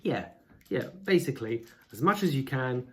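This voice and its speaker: A man thinking out loud as he reads scripture, with a rambling, self-deprecating, easygoing delivery. He wanders between quoted verses and casual asides, recorded indoors at home. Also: medium pitch, very animated, normal speed. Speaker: video creator. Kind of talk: casual musing while reading scripture aloud.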